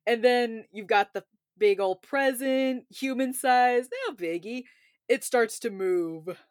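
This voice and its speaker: A woman's voice: a little high, slow pace, dry recording, clean studio sound. A woman co-hosting a casual chat, who chimes in enthusiastically and laughs along while recapping a film scene.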